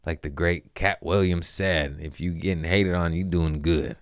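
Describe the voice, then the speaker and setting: A young man with a low, smooth, resonant voice hosts his own podcast as a comedian and tells stories. He talks in an animated, profane, self-mocking way and laughs at his own lines. The sound is dry and close. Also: normal speed, dry recording. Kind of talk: casual storytelling monologue.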